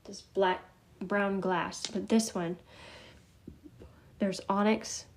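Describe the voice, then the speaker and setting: Speaking extremely slowly, this spiritual class host keeps her medium-pitched voice at a fairly even intonation. She's a middle-aged woman leading a relaxed live session about crystals, chatty and scattered, often laughing and muttering asides.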